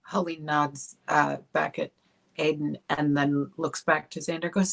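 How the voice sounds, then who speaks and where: A woman's voice: sits low, level tone, unhurried, vocal fry. Hesitant woman role-playing. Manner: warm, hesitant, with many fillers. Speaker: player. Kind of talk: in-character tabletop role-play.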